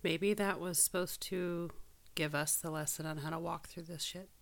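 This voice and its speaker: A woman's voice: deep voice, fairly even intonation, moderate pace. A woman in casual chat, telling a personal story earnestly and frankly, with casual swearing.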